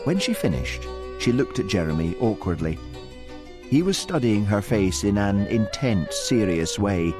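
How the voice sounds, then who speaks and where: A man narrating an audiobook with expressive storytelling. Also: on the low side, measured pace, over music. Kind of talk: scripted narration.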